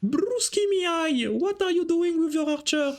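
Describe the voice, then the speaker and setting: A man putting on a high woman's voice, imitating a fellow game caster who teases a player in a slow, squeaky call. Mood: teasing.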